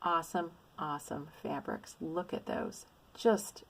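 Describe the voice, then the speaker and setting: A woman's voice: lowish voice, lively intonation, normal speed, creaky, bright, forceful tone. A middle-aged woman vlogging a craft haul in a casual, gushing, exclamatory way. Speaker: cross-stitch vlogger. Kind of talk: casual show-and-tell haul.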